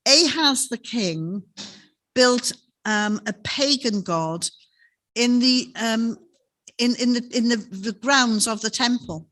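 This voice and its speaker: A woman's voice: a little high, slow pace, fairly bright tone. A woman giving a sermon in a chapel, telling stories in a conversational way and often ending on tag questions. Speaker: preacher.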